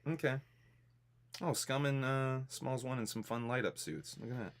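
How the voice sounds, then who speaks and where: A man's voice: medium pitch, moderate pace, vocal fry. A man in his thirties co-hosting a casual live-stream podcast, joking around and greeting viewers in the chat by name. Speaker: podcast co-host.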